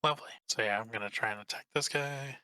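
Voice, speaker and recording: A man's voice: medium pitch, fast talker, pushed and bright, clear, resonant tone, no room sound. A man playing in a tabletop game, easygoing and asking questions about the rules. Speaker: player. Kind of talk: casual tabletop game chat.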